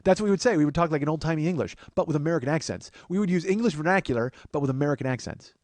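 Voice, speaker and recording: A man hosting a comedy podcast, talking in a rush and riffing with rising excitement and a lot of swearing. His voice sits a little high. The sound is dry and close. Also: rapid-fire, no echo. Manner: riffing, excitable, profane, builds to loud enthusiasm. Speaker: podcast host. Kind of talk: casual comedic banter.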